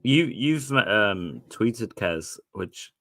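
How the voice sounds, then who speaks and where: A man in a casual online group chat, talking softly and hesitantly with many fillers. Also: fairly low pitch, sing-song, extremely slow, dry recording, studio quality.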